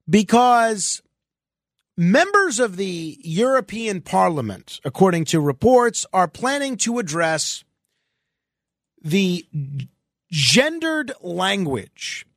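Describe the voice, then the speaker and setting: A man's voice: sits high, sing-song, slow, a bit bright, no echo. A man hosting a talk radio show, giving opinionated commentary with sarcastic, mock-exasperated asides into a studio microphone.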